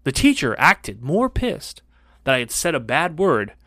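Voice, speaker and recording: A man's voice: a little high, measured pace, no echo. Middle-aged man, podcast co-host, casual storytelling, swears a lot, acts out quoted voices, dry close mic. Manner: animated, profane, acts out other people's lines.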